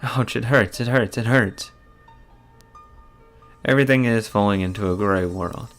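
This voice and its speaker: A man's voice: fairly low pitch, measured pace, a bit bright, soft background music. A man reading as a haunted young girl. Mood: frantic. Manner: reading in a mostly plain voice. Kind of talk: reading a visual novel aloud.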